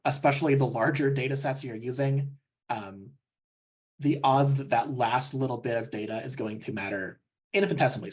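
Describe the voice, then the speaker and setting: A young man presenting a technical training session, explaining steps in a relaxed way with frequent ums. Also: medium pitch, husky.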